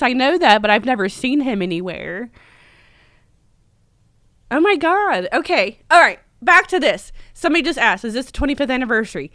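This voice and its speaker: Chatty bright-voiced woman. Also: high-pitched, moderate pace, no echo, studio quality. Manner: chatty, lots of ums, excitable. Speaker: shop owner hosting a livestream. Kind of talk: casual live stream chat. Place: her store, indoors.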